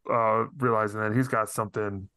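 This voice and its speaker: A man with a smooth, resonant voice talks as a podcast guest in a dry, close-sounding recording. He speaks thoughtfully and hesitantly, working his ideas out as he goes. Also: on the low side, steady tone, fairly quick, pushed and bright, no echo. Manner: thoughtful, hesitant with many restarts. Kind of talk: casual film discussion.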